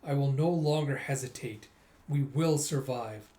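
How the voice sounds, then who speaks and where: A man's voice: mid-range voice, unhurried, warm tone, natural voice. A man doing a tormented young fighter. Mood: grim.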